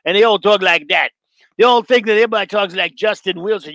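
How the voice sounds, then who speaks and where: Higher-voiced middle-aged man, blunt. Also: fairly quick, fairly bright tone, no room sound. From Louisiana. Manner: blunt and opinionated, rambling with restarts. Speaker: show host. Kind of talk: casual live-show monologue, answering chat.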